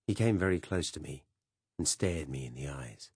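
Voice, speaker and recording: A man narrating an audiobook in a measured, dramatic first-person telling. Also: very deep voice, expressive, husky, no echo, studio quality.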